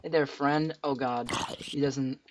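This let's play host keeps up chatty, jumpy commentary over a video game playthrough, yelping at enemies, his voice cracking. His mid-range voice holds fairly even intonation at a measured pace. A muffled lo-fi mic picks him up with slight background noise.

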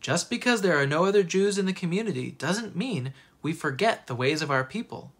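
A storybook reader voicing a father who speaks quietly but firmly. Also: medium pitch, expressive, brisk, slightly rough, voice pushed up. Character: stern, firm father.

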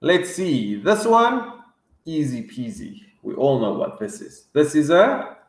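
A man teaching English words to young children, drilling each word slowly with excited gasps. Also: a little high, echoey room. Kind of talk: vocabulary lesson for kids.

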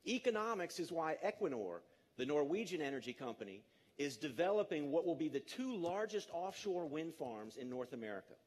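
A man in his fifties gives a live public talk in an energetic, emphatic way and engages the audience directly. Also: a little high, fairly quick. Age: 50s. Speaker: conference speaker.

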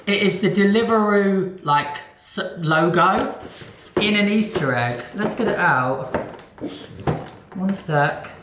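A man's voice: high voice, slow, echoey room, background noise. A man chatting casually in a home vlog, cooing at his dog now and then. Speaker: vlogger. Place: at home indoors.

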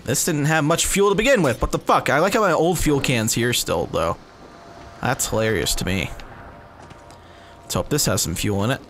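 A man's voice: mid-range voice, lively intonation, normal speed, fairly bright tone, a little hiss or hum. A man hosting a let's play, giving casual gameplay commentary with laid-back, profane, giggly asides.

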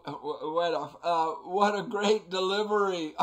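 A man's voice: sits high, slow pace, few pauses, fairly bright tone. A man playing a video game and commenting as he goes, laughing often and stammering through fillers. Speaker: let's play host. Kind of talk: gameplay commentary.

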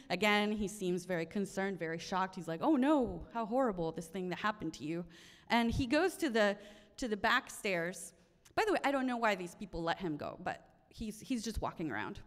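A woman tells a true story to a live audience, loose and conversational, full of ums and restarts. Her voice sits at a middle pitch, and it carries a long reverb from the live venue. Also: a bit bright. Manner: conversational, many fillers and restarts.

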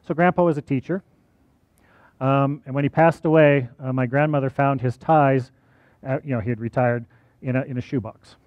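A man speaks to an audience at a college, conversational and personal, often asking the room "right?". His voice sits in a middle pitch. The recording is dry and somewhat dull. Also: fairly even intonation, moderate pace, no room sound. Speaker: college teacher giving a talk.

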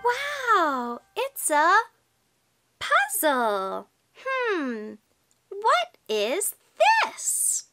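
A woman teaching toddlers in a slow, exaggerated sing-song voice, full of gasps, repeated words and encouragement. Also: high-pitched, a bit bright. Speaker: children's teacher and host.

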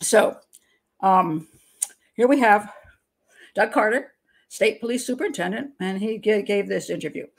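A woman's voice: mid-range voice, expressive, unhurried, creaky, long pauses. An older woman hosting her channel, giving frank, opinionated commentary on a criminal investigation. She talks through restarts and laughs between points. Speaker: criminal profiler, channel host. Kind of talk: casual commentary monologue.

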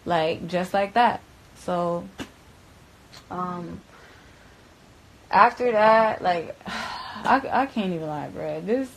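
On a poorly recorded track with a little hiss or hum, a young adult woman from Broward County, Florida, tells a candid story as an interview guest. Her voice is lowish, and she speaks in profane, slangy bursts, repeatedly saying "bruh."

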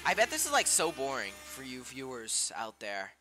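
A young man streaming a game live, reading cards aloud and reacting excitably, often yelping loudly in dismay. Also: medium pitch, normal speed, loud music behind the voice.

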